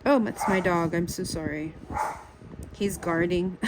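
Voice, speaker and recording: Woman, slow unhurried tutorial talk, self-critical, noisy home recording. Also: on the low side. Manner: self-critical, muttering to herself while drawing. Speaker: drawing tutorial creator. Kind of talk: casual drawing tutorial commentary.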